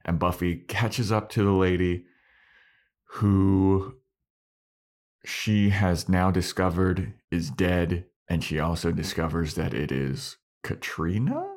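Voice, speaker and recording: A man's voice: low voice, takes it slowly, darkish tone. A man co-hosting a podcast, casually recapping a TV episode scene by scene and acting out the characters' lines with swearing. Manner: retells scenes with acted-out quotes and swearing. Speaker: podcast co-host.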